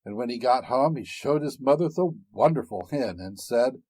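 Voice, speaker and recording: A man narrating a fairy tale, expressive and dramatic in an unhurried way. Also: medium pitch, slightly rough, no room sound. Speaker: storyteller.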